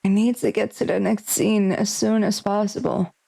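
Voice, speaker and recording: A young woman streaming a visual novel, reading the game text aloud and thinking out loud between lines in a chatty, speculative way. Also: medium pitch, little pitch movement, normal speed, gravelly, breathy edge, poor audio.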